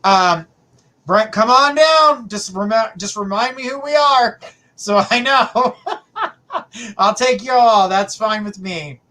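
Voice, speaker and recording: This high-pitched, bright voice belongs to a middle-aged psychic reader hosting a livestream, and he takes things slowly with a pushed quality. He chats casually and affectionately with his viewers, calling them sweetheart and honey.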